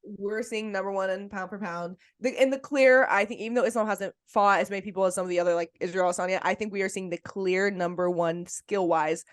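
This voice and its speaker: A woman's voice: mid-range voice, steady tone, quick pace, hardly any pauses. A woman co-hosting a casual sports podcast, talking with enthusiasm and laughing often. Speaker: podcast co-host.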